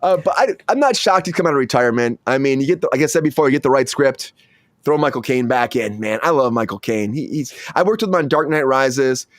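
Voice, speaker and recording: A man hosting a casual entertainment news chat, excitable and rambling with frequent restarts. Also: medium pitch, fast talker, dry recording, clean studio sound. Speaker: host.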